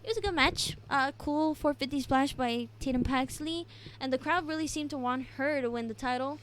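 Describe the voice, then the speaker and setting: With a high, slightly bright voice at a moderate pace, this young woman co-hosts a casual wrestling recap podcast. She's chatty, giggles often, and fills her talk with plenty of ums.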